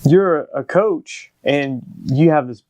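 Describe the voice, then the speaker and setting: A man's voice: a little high, takes it slowly, darkish tone, dry recording. Male podcast host, encouraging, dry close recording. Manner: encouraging, with frequent short agreements. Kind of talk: podcast interview.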